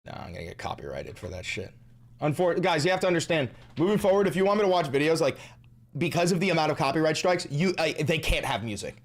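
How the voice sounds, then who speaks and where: A man hosting a live stream, ranting about politics with heavy swearing and sudden shouts. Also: a little high, sing-song, fast talker. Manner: profane, ranting, bursts into shouting. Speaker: livestream host.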